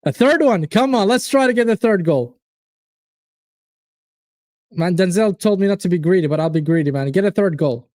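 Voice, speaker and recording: Excitable man hosting a football watchalong. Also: high voice, normal speed, long pauses, no echo. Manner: excitable, chatty, talks to viewers in chat. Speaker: watchalong host. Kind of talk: live fan reaction commentary.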